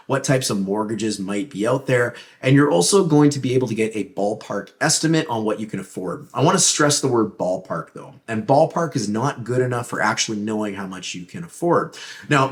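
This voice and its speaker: Earnest Canadian man explaining home buying. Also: lowish voice. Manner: earnest, explanatory, stresses key words. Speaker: real estate agent. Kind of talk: presenting a buyer's guide to camera.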